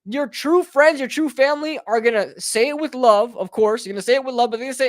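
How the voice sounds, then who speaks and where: A man's voice: very high voice, fast talker, hardly any pauses, no echo, studio quality. A man hosting a live sports talk stream, ranting heatedly and often calling listeners bro and brother. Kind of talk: live fan rant.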